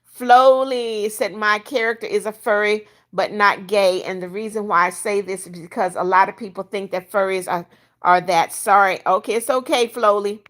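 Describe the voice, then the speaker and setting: A woman's voice: medium pitch, steady tone, moderate pace, fairly bright tone. An older woman hosting a casual livestream, reading viewer comments aloud and bluntly kicking out troublemakers. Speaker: livestream host reading chat.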